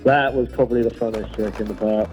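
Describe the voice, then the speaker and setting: A man's voice: fairly low pitch, steady tone, fast, darkish tone. A British man, a pro skateboarder, casually recalling sessions in a rambling, chatty way and laughing at his own stories. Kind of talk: casual recollection. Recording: dull sound with music behind.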